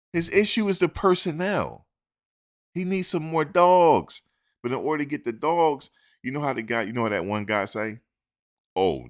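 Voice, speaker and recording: A man giving opinionated sports talk into a close mic, emphatic and repetitive, lecturing his listeners. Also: mid-range voice. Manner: animated, emphatic, repeats points, lectures listeners. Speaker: sports commentator. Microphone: close microphone.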